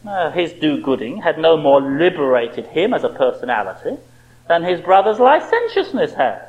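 A man's voice: a little high, sing-song, normal speed, phone-quality sound. A man preaching a sermon with impassioned rhetorical questions.

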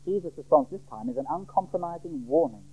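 A man's voice: a little high, lively intonation, fast, dark tone, husky. A man preaching an expository sermon, emphatic and fond of rhetorical questions. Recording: tinny phone-like sermon recording.

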